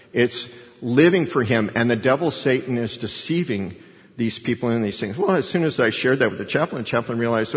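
A man preaching a sermon in an emphatic, conversational storytelling way. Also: mid-range voice. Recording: dull sound with long hall reverb.

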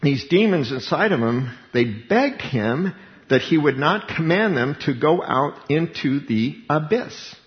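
A male pastor giving a casual, animated sermon, chuckling as he explains scripture. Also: fairly high pitch, a little slow. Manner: animated, chuckling, conversational preaching. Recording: dull sound in a reverberant hall.

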